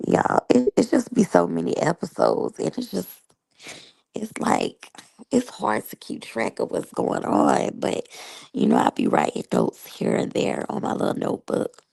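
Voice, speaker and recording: Gravelly, animated woman reviewing TV. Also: mid-range voice, a little slow, dry recording, poor audio. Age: 30s. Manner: chatty, talks straight to the audience. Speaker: reality show reviewer. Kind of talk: casual commentary to viewers.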